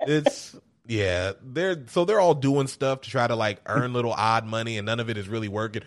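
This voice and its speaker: A man in casual movie commentary chat, animated, often putting on the characters' voices and laughing. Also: mid-range voice, moderate pace, crowd noise. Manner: animated, mimics characters in quoted asides, swears, laughs often.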